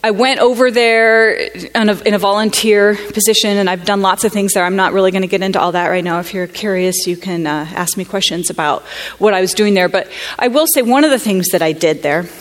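An American woman gives a personal testimony at a conference in a middle-pitched voice. She speaks earnestly and reflectively, pausing and restarting as she hunts for words.

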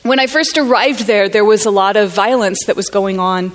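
A woman from the United States gives a personal testimony at a conference, speaking in a middle-pitched voice. She talks earnestly and reflectively, pausing and restarting as she searches for words. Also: steady tone.

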